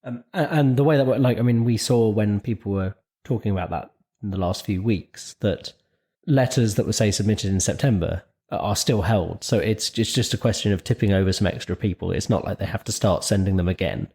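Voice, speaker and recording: A man's voice: fairly low pitch, brisk, a little mellow. A man co-hosting a podcast, thinking aloud in a hesitant, musing way. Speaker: podcast co-host. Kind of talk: casual political discussion.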